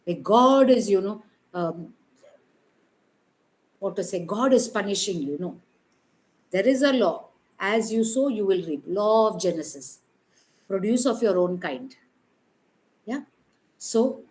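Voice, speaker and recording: A woman preacher with a mid-range voice gives an informal sermon, speaking conversationally yet emphatically and asking many rhetorical questions. The audio quality is poor.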